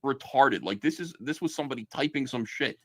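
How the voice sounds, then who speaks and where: A man's voice: medium pitch, animated, brisk, dry recording. A man in a played commentary clip, delivering scornful, insulting and emphatic criticism. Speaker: online commentator.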